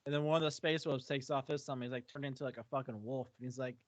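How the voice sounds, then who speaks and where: A man's voice: mid-range voice, steady tone, fast talker, hardly any pauses, no echo. A man co-hosting a casual book review podcast, enthusiastic and profane, laughing often. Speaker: podcast co-host. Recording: dry, dull lo-fi audio.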